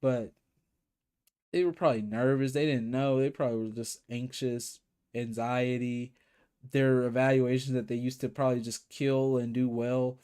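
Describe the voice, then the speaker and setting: A man's voice: medium pitch, darkish tone, smooth. Rambling male livestreamer. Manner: rambling, with many fillers and restarts. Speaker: K-pop reaction streamer. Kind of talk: casual livestream chat.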